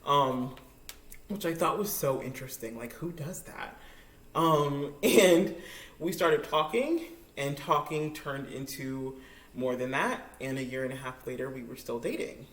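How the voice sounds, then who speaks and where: Cooking in her home kitchen, a young woman tells a casual story in a very deep, animated voice at a measured pace. She's chatty and giggly, full of likes and ums, and the roomy sound comes from a camera propped on a makeshift tripod for her cooking vlog.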